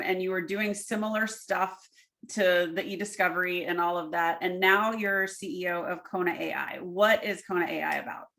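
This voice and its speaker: A woman hosting a casual interview, chatty and eager, with quick affirmations for her guest. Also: medium pitch, fairly bright tone. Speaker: podcast host.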